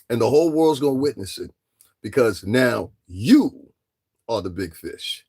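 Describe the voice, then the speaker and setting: A man's voice: medium pitch, lively intonation, measured pace, a little mellow, slightly rough. A man giving casual commentary as a vlogger, talking straight to his listeners and firing off taunting rhetorical questions. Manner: addresses listeners directly.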